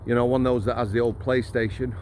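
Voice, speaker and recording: Middle-aged bloke, ex-prison officer, casual and cheeky storyteller, mid-range pitch, faint traffic in the background. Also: male voice, little pitch movement, fast, darkish tone. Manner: chatty, blunt and jokey, laughs mid-story, addresses viewers as guys. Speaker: former prison officer telling stories.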